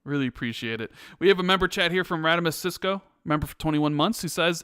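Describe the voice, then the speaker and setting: A man with a high, bright voice and a crisp, clear tone, hosting a casual gaming podcast. He talks in an animated, ranting way with lots of restarts, and the recording sounds dry and close. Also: fast, few pauses, no room sound. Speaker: podcast host.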